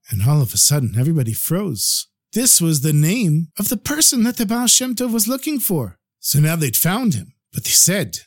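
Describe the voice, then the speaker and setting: A man telling a traditional tale as a podcast storyteller, in an expressive, lively way. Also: fairly high pitch, moderate pace, hardly any pauses, no room sound, clean studio sound.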